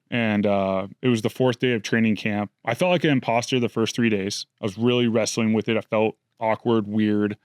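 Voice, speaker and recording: A man's voice: fairly low pitch, brisk, hardly any pauses, dry recording, studio quality. A man in his thirties, an interview guest, telling his story in an earnest, reflective way. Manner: earnest, reflective, emotional retelling. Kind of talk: candid storytelling.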